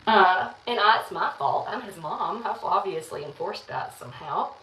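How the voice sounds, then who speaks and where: A woman's voice: medium pitch, animated, normal speed, sharp tone. A woman talking frankly and earnestly in a casual confessional vlog. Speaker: online content creator. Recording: roomy, some distance from the mic.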